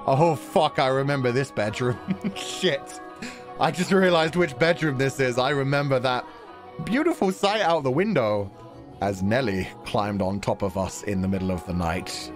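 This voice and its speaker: A man commentating a game on a livestream, excitable and laughing, swearing freely. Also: medium pitch, normal speed, music in the background. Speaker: streamer.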